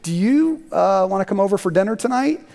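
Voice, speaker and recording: A man's voice: high voice, expressive, a little fast, gravelly, darkish tone, long reverb tail. A man voicing a shy young woman within a sermon story. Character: shy young woman inviting a boy over.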